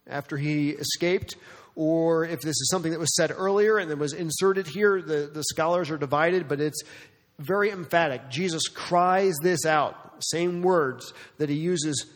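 A man with a slightly raised voice preaches a sermon in a church sanctuary. He is emphatic, throws out rhetorical questions and acts out the people he quotes. A long reverb trails every phrase. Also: fairly high pitch. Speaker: pastor.

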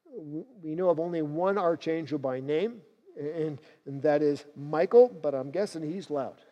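A man's voice: fairly high pitch, measured pace. Emphatic preacher man in a reverberant hall. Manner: emphatic, rising to loud bursts on key phrases. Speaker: pastor. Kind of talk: sermon. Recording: dull sound with long hall reverb.

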